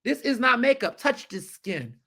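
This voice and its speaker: A man talking as a podcast guest in casual chat, emphatic and animated, repeating points for effect. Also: very high-pitched, moderate pace.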